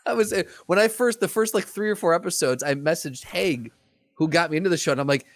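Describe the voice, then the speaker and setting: A man's voice: fairly high pitch, fairly quick. A man co-hosting a casual podcast, talking expressively, laughing into his sentences and restarting them. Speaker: podcast co-host.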